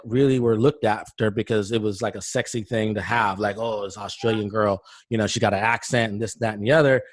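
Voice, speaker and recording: An American man hosting a casual interview, telling rambling stories and acting out the voices of people he quotes. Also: mid-range voice. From United States. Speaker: talk show host.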